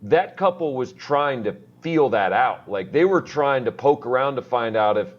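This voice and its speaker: A man's voice: on the high side, lively intonation, measured pace, highs cut off. A man co-hosting a casual sports and law talk show, rambling with many "like" fillers.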